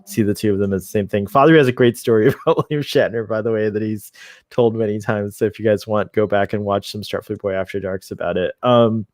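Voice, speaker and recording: A man's voice: on the low side, fairly even intonation, fast talker, darkish tone, dry recording. Guy hosting a chill live stream, laughs a lot, fanboy energy, dry close sound. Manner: laughs often, eager fan talk. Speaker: show host. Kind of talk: casual live-stream chat.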